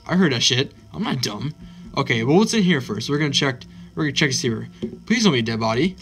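A man hosting a let's play of a horror game, excitable and swearing constantly, yelping at scares. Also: fairly high pitch. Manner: excitable, swears constantly, yelps when startled. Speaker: gaming channel host.

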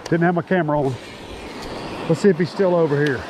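A man, a fishing vlogger who talks excitedly and exclaims a lot while surf fishing outdoors. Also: a little high, a little fast. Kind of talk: excited outdoor vlog commentary. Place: outdoors on an ocean beach, surf behind. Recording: outdoor recording with loud surf noise.

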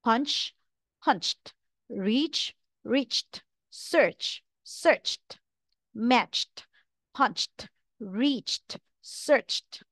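A woman teacher drills English pronunciation, speaking each word very slowly and with careful enunciation. Her voice sits a little high. The recording is dry and close, with no room sound. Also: animated, fairly bright tone, no room sound. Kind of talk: slow, deliberate pronunciation drill.

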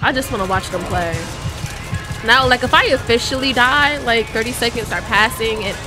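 A woman's voice: fairly high pitch, moderate pace. A woman giving chatty gameplay commentary, talking straight to her viewers with bursts of mock outrage. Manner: dramatic outbursts of mock outrage. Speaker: gaming YouTuber. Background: game music.

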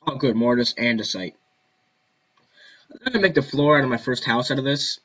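A man's voice: mid-range voice, expressive, fairly quick, fairly bright tone, husky, dull audio. A man giving casual gameplay commentary, rambling and joking to himself. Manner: rambling, jokey self-talk. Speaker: gaming video host.

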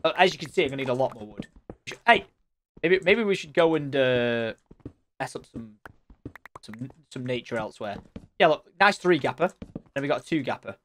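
A man's voice: medium pitch, lively intonation, fairly quick, pauses often, a bit bright, a little hiss or hum. A man giving casual, chatty gameplay commentary, talking straight to his viewers and teasing them playfully. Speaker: let's play gamer.

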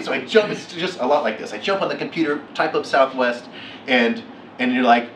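A middle-aged man giving a keynote talk, telling a story with lively acted-out quotes. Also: a little high, normal speed, slight background noise. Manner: animated, acts out quotes with laughs. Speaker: keynote speaker. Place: lecture hall. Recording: echoey hall from far off.

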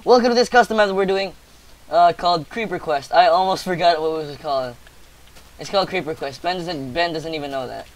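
A man hosting a casual let's-play with a friend, joking excitedly and reading quest text aloud. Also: a little high, fairly quick. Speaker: gaming channel host.

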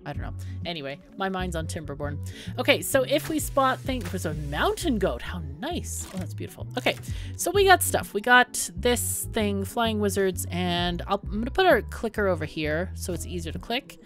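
A woman's voice: medium pitch, sing-song, moderate pace, a bit bright, soft background music. Amused woman playing through a game. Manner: amused, laughs often, reads the dialogue aloud. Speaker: gaming YouTuber. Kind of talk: let's play commentary and reading.

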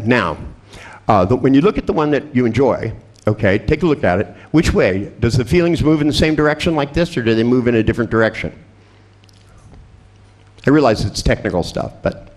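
Male seminar trainer, wildly expressive pitch, irreverent and foul-mouthed, coaching a volunteer live. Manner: irreverent, profane, joking; animated, coaching with quick instructions. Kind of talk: live workshop demonstration with a volunteer.

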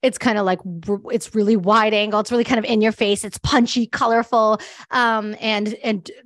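A woman's voice: medium pitch, steady tone, normal speed, no echo, clean studio sound. A woman pet photographer giving a casual presentation, chatty and full of fillers, laughing often. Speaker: guest speaker, pet photographer.

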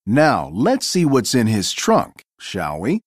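A man voicing a calm, polished male spy car in a storybook reading, measured and composed. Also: mid-range voice, slightly rough, no room sound, clean studio sound, pitched below the performer's own voice, exaggerated voice.

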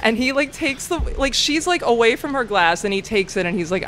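A woman's voice: fairly high pitch, steady tone, fairly quick, a bit bright, a little hiss or hum. A young woman, a comedian and bartender, telling a rambling story in casual podcast chat, full of "like" and swearing. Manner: rambling, heavy use of "like", swears freely.

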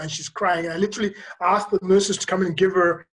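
A physician giving a virtual conference talk, recounting a personal story in a reflective, earnest way with frequent pauses. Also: mid-range voice, steady tone, poor audio. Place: remote recording for a virtual conference.

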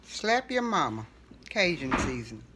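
A middle-aged woman with a fairly low voice walks through a recipe in her home kitchen. She talks in a relaxed, chatty way, with fillers and quick self-corrections. A faint hiss sits behind her voice. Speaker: home cooking host. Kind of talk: casual cooking tutorial.

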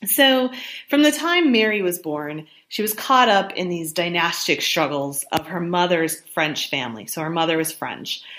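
A woman's voice: on the low side, fairly bright tone. A woman hosting a history podcast, telling the story in a chatty, sympathetic way with ums and self-corrections. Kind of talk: conversational history narration.

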